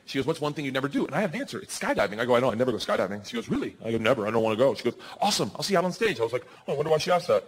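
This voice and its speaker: A man in his forties telling a loud, animated stand-up story before a live audience. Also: medium pitch, very fast, hardly any pauses, noisy background. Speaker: stand-up comedian. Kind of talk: stand-up set.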